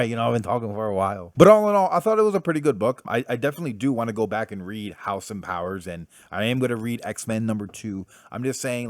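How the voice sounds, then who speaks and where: A young man giving a casual spoken comic book review, blunt and animated, swearing freely and full of fillers. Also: mid-range voice, no room sound, studio quality.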